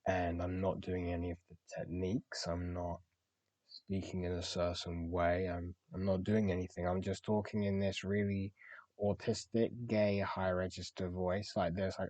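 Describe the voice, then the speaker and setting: A young man talking candidly about his week in a self-reflective diary-style monologue, pausing on his words now and then. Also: deep voice, little pitch movement, a little mellow, no echo. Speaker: podcast host.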